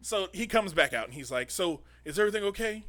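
A man's voice: high-pitched, fast, noisy background. A man co-hosting a podcast, telling a profane story and acting out the people in it. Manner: animated storyteller acting out quoted voices, profane. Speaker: podcast co-host. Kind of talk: casual storytelling chat.

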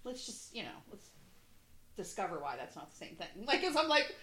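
Animated, profane woman in an echoey room. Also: medium pitch, brisk. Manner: animated, profane, acts out voices in her stories. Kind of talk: casual storytelling chat.

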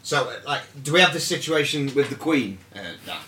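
A man's voice: fairly high pitch, brisk, sharp tone, far from the mic. Rambling man, echoey off-mic sound. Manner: rambling, hesitant with many fillers. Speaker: podcast panelist. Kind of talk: casual comedic chat. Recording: echoey room, off-mic, faint background.

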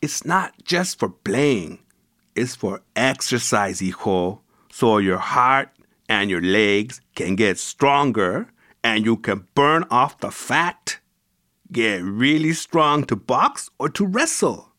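A man's voice: mid-range voice, animated, takes it slowly, bright, forceful tone, no echo, studio quality. A man voicing a firm, pushy father. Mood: firm, coaxing. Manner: firm, coaxing, sprinkled with Spanish words. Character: stern, pushy father of a young son. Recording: music playing behind the voice.

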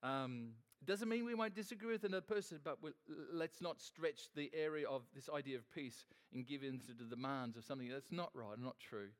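A man's voice: mid-range voice, fairly quick, few pauses. A man preaching a sermon in a loose, conversational way, telling a personal story with frequent restarts and fillers.

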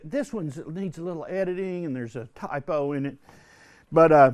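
An older man telling a personal story to a religious retreat group, earnest and halting, often restarting his sentences. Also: fairly high pitch, a little mellow, no echo. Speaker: retreat speaker. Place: indoor retreat hall.

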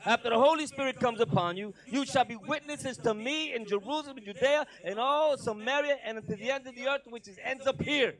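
A man preaching a fiery sermon, exhorting and shouting at times. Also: very high-pitched, fairly quick, few pauses, poor audio.

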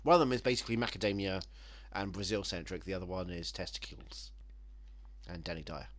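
A man co-hosting a casual comedy chat, sardonic and quick-witted. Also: sits low.

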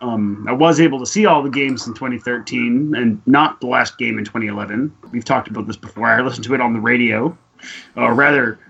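A man chatting on a podcast, rambling and hesitant, full of ums and self-corrections. His voice comes through dull, lo-fi audio. His pitch is in a normal middle range. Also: fairly quick, creaky, fairly bright tone, husky. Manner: rambling, hesitant, many fillers. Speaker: podcast co-host. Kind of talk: casual chat.

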